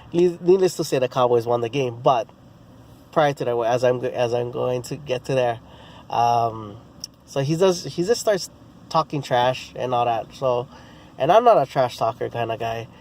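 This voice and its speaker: A man's voice: mid-range voice, animated, measured pace, long pauses, darkish tone, slight background noise. A man telling a rambling story in casual vlog style, with many restarts and fillers. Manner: rambling, full of restarts and "you know, bro". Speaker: sports vlogger.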